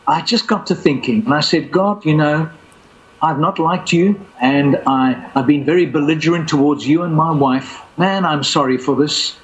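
A man's voice: on the high side, moderate pace, lo-fi sound. A man telling a long personal faith story in conversation, acting out the voices of the people in it. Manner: animated, acts out quoted voices. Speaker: guest storyteller.

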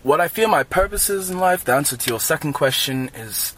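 A man's voice: on the high side, animated, fairly quick, fairly bright tone, a little hiss or hum. A man in his twenties, a podcast guest telling tall tales with a straight face in a casual interview. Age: 20s.

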